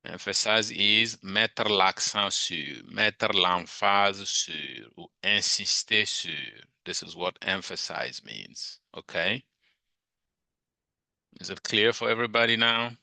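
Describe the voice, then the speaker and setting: A man's voice: fairly low pitch, takes it slowly, vocal fry, bright, forceful tone, no room sound. A male teacher giving a classroom lecture, drilling students on vocabulary with repeated questions.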